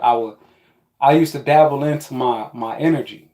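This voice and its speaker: A man tells a rambling, profane story about his past in a casual monologue. His voice sits at an ordinary pitch for a man. The room around him is echoey. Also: moderate pace. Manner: profane, rambling, animated with quoted asides.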